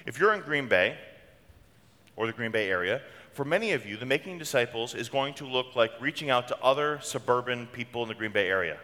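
A man's voice: medium pitch, lively intonation, brisk, sharp tone. A middle-aged man, preaching a conversational sermon from a church. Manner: conversational preaching with homely stories. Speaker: pastor. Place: church sanctuary. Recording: long reverb of a church hall.

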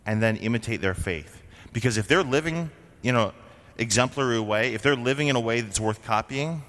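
A man's voice: medium pitch, fairly bright tone, big-room sound. A man from Vermont preaching a sermon as a pastor, in a conversational way with frequent rhetorical questions. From Vermont, USA.

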